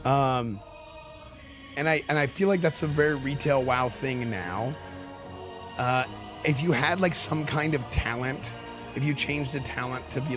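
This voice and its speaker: A male streamer giving excitable, rambling live commentary, full of fillers and repeated words. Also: mid-range voice. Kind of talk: live-stream commentary reacting to game questions.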